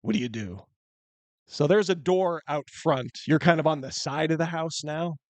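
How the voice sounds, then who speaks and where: A man's voice: fairly high pitch, moderate pace, no room sound. A man narrating as game master of a tabletop game, loose and chatty, laughing often.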